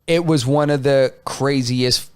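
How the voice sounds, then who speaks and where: Slangy, animated man telling stories. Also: mid-range voice, unhurried, clean tone. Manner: animated storytelling, slangy, lots of "like" and "you know". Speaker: podcast co-host. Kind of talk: casual chat.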